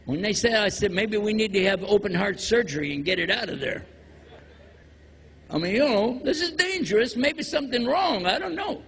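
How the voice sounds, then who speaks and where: A man's voice: high voice, expressive, a bit bright, a little hiss or hum. An older man from Texas, giving a humorous religious lecture full of jokes and acted quotes. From USA, Texas. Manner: joking, drawn-out storytelling with acted quotes. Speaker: Islamic preacher. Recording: hall reverb.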